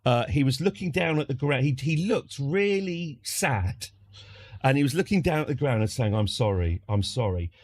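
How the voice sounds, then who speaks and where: A man's voice: a little high, lively intonation, normal speed. A British man streaming from home, telling a casual story in a rambling, wry way with lots of restarts. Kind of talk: casual anecdote.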